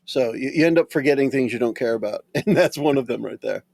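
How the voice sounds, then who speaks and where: A man's voice: mid-range voice, fast, gravelly, a little mellow, dry recording. A man taking part as a player in a tabletop game, explaining in an easygoing way. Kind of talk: casual tabletop play.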